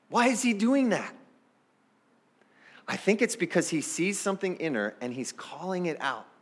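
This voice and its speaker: A man's voice: mid-range voice, fairly bright tone. A man preaching a sermon as pastor, talking straight to the congregation in a conversational way. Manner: acts out the people in the story.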